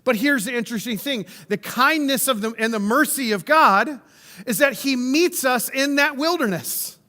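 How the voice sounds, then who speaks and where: A man's voice: very high voice, normal speed, bright, forceful tone, in a large hall. A man preaching a sermon in a conversational way, often checking in with the listeners. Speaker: pastor.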